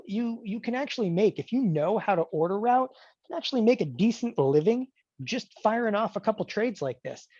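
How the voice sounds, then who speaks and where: Energetic middle-aged male trading coach for a webinar, dry and slightly dull lo-fi sound. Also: high-pitched, dry recording. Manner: energetic, emphatic, mock-panicked asides. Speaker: trading educator. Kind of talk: live webinar screen-share demo.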